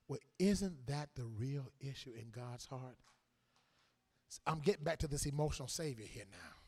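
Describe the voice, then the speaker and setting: Gravelly preacher man, shouting and dropping low. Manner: swings from shouted sing-song preaching to quiet asides. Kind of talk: sermon.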